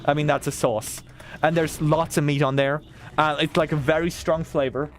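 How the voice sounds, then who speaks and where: Excitable young man, slightly high voice. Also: moderate pace. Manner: excitable ranting, swearing, talking to chat. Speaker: game streamer. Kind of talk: casual live-stream chat while gaming.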